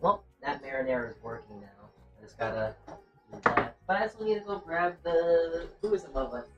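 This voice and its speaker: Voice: medium pitch, lively intonation, fairly quick, highs cut off. A streamer cooking in a home kitchen, chatting casually to viewers and to themself while reading chat. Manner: rambling, chatty, talks to self and chat. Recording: distant mic with music behind.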